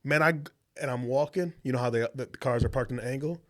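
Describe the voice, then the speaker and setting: Animated young man telling a story. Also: medium pitch, quick pace. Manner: animated, swears freely, acts out quoted voices. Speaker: podcast co-host. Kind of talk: casual storytelling chat.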